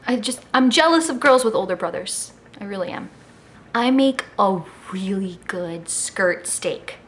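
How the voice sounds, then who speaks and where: A woman's voice: medium pitch, lively intonation, measured pace, fairly bright tone, slight background noise. Sassy young woman with slight Miami accent. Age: early 20s. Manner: sassy, joking. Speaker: vlogger. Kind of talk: casual talk to camera. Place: home in California. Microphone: camera mic.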